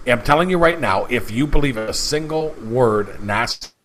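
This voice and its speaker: A man's voice: medium pitch, animated, normal speed, a bit bright, a little hiss or hum, poor audio. A man preaching emphatically in a casual monologue, often stumbling and repeating words as he presses his point. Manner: emphatic, repetitive, stumbles and restarts. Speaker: channel host.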